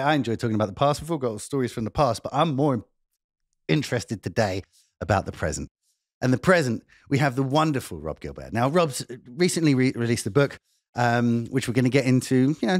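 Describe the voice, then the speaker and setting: A man's voice: mid-range voice, no echo, clean studio sound. A man hosting a live online talk show, rambling jokily and teasing himself as he introduces his guest. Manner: jokey, rambling, self-mocking. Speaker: host.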